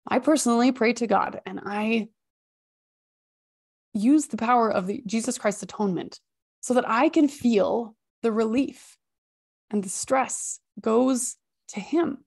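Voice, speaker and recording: A woman hosting a healthy-habits podcast, giving expressive, high-energy motivational advice with emphatic repetition. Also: a little slow, vocal fry, long pauses. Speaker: podcast host and habits coach. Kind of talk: motivational self-help talk.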